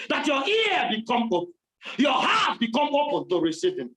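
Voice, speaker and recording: A man with a Nigerian accent preaching a fervent sermon in church, often shouting in repeated rising phrases. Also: sits high, huge pitch swings, normal speed, low-quality recording.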